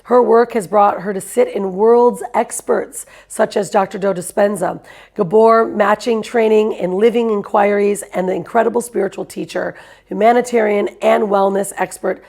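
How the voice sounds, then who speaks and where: A woman's voice: mid-range voice, fairly even intonation, moderate pace, vocal fry, darkish tone. A woman hosting an online summit, introducing guests with effusive enthusiasm over a video call. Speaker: show host.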